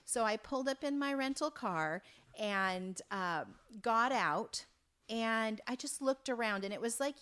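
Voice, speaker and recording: A woman's voice: a little high, lively intonation, fairly bright tone. Earnest middle-aged woman telling a story. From Oregon, USA. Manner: earnest, halting, with many restarts. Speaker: guest. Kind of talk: conversational storytelling.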